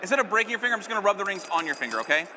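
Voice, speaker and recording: A man's voice: high voice, lively intonation, very fast, pushed and bright, long reverb tail, a little hiss or hum. A man performing stage magic on a live stage, keeping up joking banter with a volunteer and the crowd.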